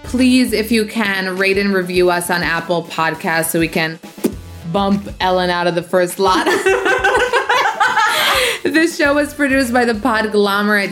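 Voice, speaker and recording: A young woman hosting a podcast, chatting casually and telling animated stories. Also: a little slow, over music. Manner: animated storytelling, mimics relatives in higher voices. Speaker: podcast host. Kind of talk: casual chat.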